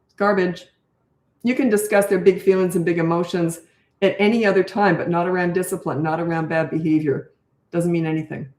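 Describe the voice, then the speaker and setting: A woman's voice: on the low side, a little fast, reverberant. An older woman, a parenting coach, answering viewer questions live in a blunt, firm manner, acting out what to say to a child. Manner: blunt, firm, demonstrates calm tone.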